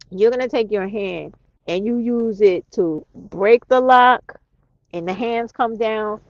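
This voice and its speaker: A woman's voice: medium pitch, a little mellow. A woman hosting a live chat from her car, talking bluntly with lots of cursing. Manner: blunt, profane, emphatic. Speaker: livestream host. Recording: dry, dull sound.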